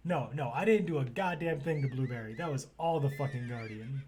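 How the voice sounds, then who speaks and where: Male streamer, mid-pitched, foul-mouthed, quick to rant at the game; faint noise behind. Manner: swears often, rants and yells at the game. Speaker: gaming streamer. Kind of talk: casual game commentary.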